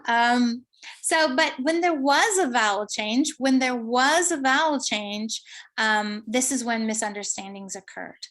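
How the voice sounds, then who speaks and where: A woman researcher giving an academic conference presentation, explaining her findings step by step with frequent pauses and fillers. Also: a little high, lively intonation, a bit bright.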